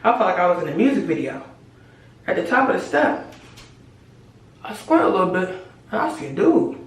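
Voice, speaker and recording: Animated woman in a very echoey room. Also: lowish voice, brisk, pauses often, far from the mic. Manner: animated, slangy and profane, addresses viewers as y'all. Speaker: storytime vlogger. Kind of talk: casual storytelling to camera. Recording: very echoey room, voice away from mic.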